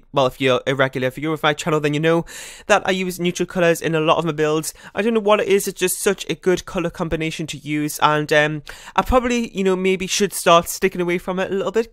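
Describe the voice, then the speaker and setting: A man's voice: fairly high pitch, fairly bright tone, smooth, no echo, clean studio sound. A man giving casual, rambling voice-over commentary on a building game, often correcting himself. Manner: fast, rambling, self-correcting chatter. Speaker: YouTuber.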